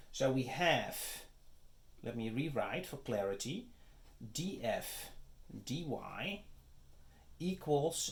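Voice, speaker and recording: A man teaches calculus at an unhurried, slow pace. He walks through each step methodically and keeps pausing to check that his listeners are following. His pitch sits in a middle range for a man. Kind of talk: math lecture.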